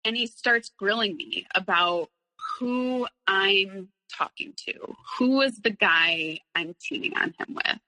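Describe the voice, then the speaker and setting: A woman's voice: mid-range voice, animated, takes it slowly, bright, forceful tone, long reverb tail, rough recording. A woman in her thirties, a guest on an interview show, telling her own story candidly, rambling with many fillers and nervous little laughs.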